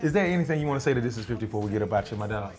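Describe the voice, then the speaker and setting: A man's voice: fairly low pitch, animated, racing, darkish tone. A man in his thirties hosting an interview, playful and teasing, talking in slangy casual chat. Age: 30s. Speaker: interview host.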